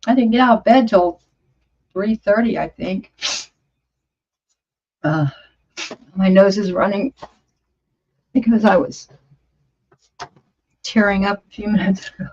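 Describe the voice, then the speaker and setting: A woman's voice: medium pitch, takes it slowly, long pauses, darkish tone, breathy edge. A woman over fifty hosting a casual livestream, chatting in a rambling, exclaiming way as she reads viewer comments. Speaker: livestream host. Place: home studio. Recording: dull lo-fi stream audio.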